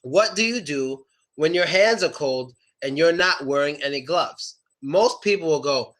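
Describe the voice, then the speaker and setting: Man, English teacher, high bright voice, slow deliberate pace, playful, repeats words for learners. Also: animated. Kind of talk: live online class, casual teaching.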